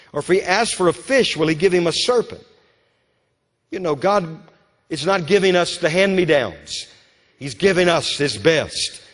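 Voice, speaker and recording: Southern preacher man in an echoing church. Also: fairly high pitch. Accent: Southern American. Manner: preachy, swings between loud emphatic calls and hushed storytelling. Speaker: pastor. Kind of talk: sermon. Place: church sanctuary. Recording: church hall with long reverb.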